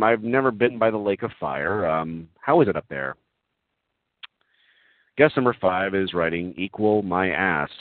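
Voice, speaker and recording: A man doing comedic, earnest role-play for an online group chat. He talks in a gentle, overly earnest way, full of giggles and ums. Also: lowish voice, dry recording. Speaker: comic prankster addressing an online group chat. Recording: tinny phone-like sound, dry.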